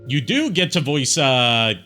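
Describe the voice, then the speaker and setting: A man's voice: medium pitch, big pitch swings, measured pace, bright, forceful tone, soft background music. A man streaming a video game with friends, chatting casually and joking as he plays. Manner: joking, laughs easily. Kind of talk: casual chat over gameplay.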